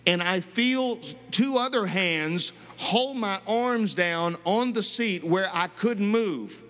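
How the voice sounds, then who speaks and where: A defiant teenage boy, put on by a preacher retelling his words in a sermon. The voice sits high and carries a long reverb tail from a big hall. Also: takes it slowly, fairly bright tone. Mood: awed. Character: troubled teen boy, defiant then awed.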